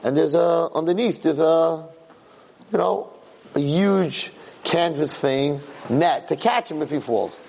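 A man giving a Torah class as a lively, emphatic storyteller who keeps jumping into character voices, in an echoey hall. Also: a little high, takes it slowly, gravelly, a little hiss or hum. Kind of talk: animated Torah lecture with storytelling. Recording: echoey hall with long reverb.

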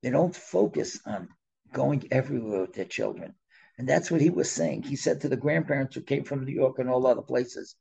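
A middle-aged man telling a story in an animated way, often letting his voice drop soft. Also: medium pitch, a little fast, gravelly, slightly rough. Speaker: storyteller guest. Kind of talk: conversational storytelling.

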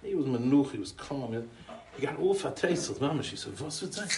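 A man's voice: medium pitch, animated, brisk, dark tone, a little hiss or hum. An American man giving a eulogy as a chatty string of anecdotes, in English full of Yiddish and Hebrew yeshiva terms. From United States. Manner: chatty, rambling, with restarts and chuckles. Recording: roomy, distant mic.

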